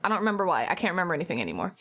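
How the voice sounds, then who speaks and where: This young streamer sounds tired yet speaks very fast in a sing-song, fairly bright voice with a fairly low pitch. Chatting casually with viewers, she rambles through a tale and acts out what she said.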